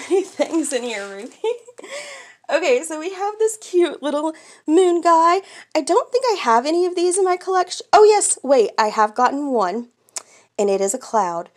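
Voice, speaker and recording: Vlogger, young woman, high lively voice, excitable, casual unboxing chat. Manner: gushing, excitable, squeals and gasps. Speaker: toy collector vlogger.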